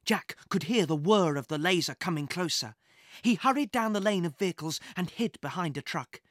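A narrator reading a children's adventure story with lively, dramatic pacing. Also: mid-range voice, moderate pace, no room sound, studio quality.

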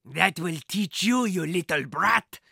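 A storybook reader voicing a menacing adult male thief who growls slow, loud threats. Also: mid-range voice, no room sound, clean studio sound. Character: menacing red-haired male thief, gruff. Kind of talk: audiobook character voice.

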